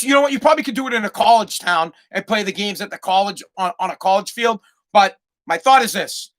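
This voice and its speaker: A man's voice: extremely high pitch, bright, forceful tone. A man hosting a solo podcast, ranting heatedly and swearing constantly. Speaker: podcast host. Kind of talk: profane solo podcast rant.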